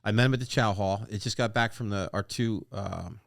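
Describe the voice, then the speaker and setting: Blunt fast-talking older man, dry mic. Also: lowish voice, vocal fry, no room sound. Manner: blunt, profane, fast-talking war stories. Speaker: guest, retired Marine master gunnery sergeant. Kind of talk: casual podcast interview storytelling.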